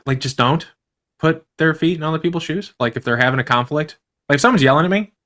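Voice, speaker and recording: Fast-talking man, casual and rambling. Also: on the high side, bright, forceful tone. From grew up on a farm. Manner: rambling, many fillers, laughs often. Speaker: guest. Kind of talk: casual conversation.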